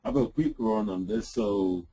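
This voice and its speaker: Guy demoing a tool on a webinar, husky voice, lots of uhs and ums, computer mic. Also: lowish voice, a little slow, mellow, rough recording. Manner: hesitant, lots of "uh" and "um". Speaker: webinar presenter. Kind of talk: software demo over screen share. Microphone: computer mic on an online call.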